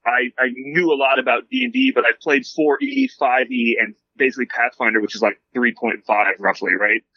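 A man's voice: mid-range voice, animated, fairly quick, no echo, muffled recording. A man in casual chat, talking in a rambling way with many fillers and restarts. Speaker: podcast guest, new dungeon master.

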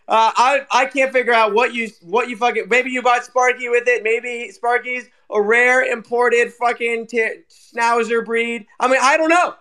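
A man with a high-pitched voice rants through a casual online chat, swearing heavily and leaning on repeated fillers. He talks like a co-host settling in for a long complaint. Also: steady tone, normal speed, hardly any pauses, pushed and bright. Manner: ranting, heavy swearing, repetitive fillers. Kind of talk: casual chat on an audio stream.

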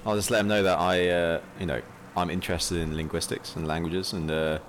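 Deep-voiced man rambling at a game table. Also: steady tone, a little fast, a little hiss or hum. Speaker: player. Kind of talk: casual chat.

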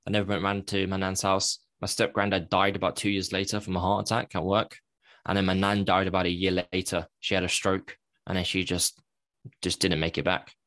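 A low-pitched man speaks as a podcast guest, telling a personal story candidly and reflectively. He often stops to correct himself mid-sentence. The sound is dry and close, with no room around it. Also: little pitch movement, fairly quick, a bit bright, no room sound.

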